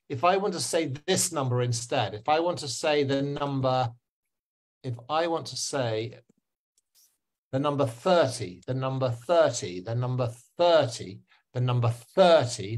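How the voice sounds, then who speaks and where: A man teaching English pronunciation on a video call, patiently repeating and drilling words for his students. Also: a little high. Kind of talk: online webinar teaching.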